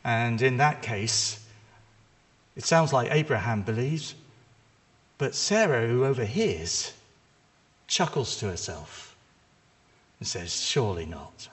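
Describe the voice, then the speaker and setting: A man preaching a sermon, retelling a story in a lively, conversational way with casual asides. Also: mid-range voice, slow, long pauses. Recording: long reverb of a large hall.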